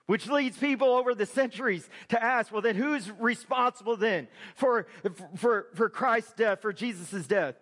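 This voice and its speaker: A man preaching a sermon as a pastor, conversational with quick asides to the congregation. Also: very high-pitched, a bit bright, big-room sound.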